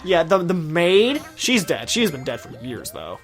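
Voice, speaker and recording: A man co-hosting a gaming video, improvising a rambling comic story in a deadpan way. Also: fairly high pitch, measured pace, soft background music. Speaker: co-host of a gaming channel. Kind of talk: casual improvised comic storytelling over gameplay.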